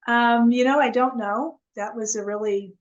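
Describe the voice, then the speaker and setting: A woman as an interview guest, telling her story earnestly in a halting, casual way with many restarts. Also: a little high, steady tone, highs cut off.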